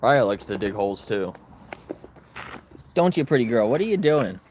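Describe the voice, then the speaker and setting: A man talks to rescue dogs in a yard, filming on a handheld phone, and his pitch swings widely as he jumps between blunt commands, casual swearing and high baby talk. Faint noise sits behind him outdoors. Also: very animated, moderate pace, a little mellow. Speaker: vlogger at a dog rescue. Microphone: phone camera held in hand.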